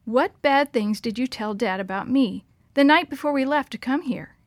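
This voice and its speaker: A woman's voice: high voice, normal speed, no echo, studio quality, lightly acted. A woman playing an upset, accusing young girl. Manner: hurt, accusing. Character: upset young girl confronting her brother.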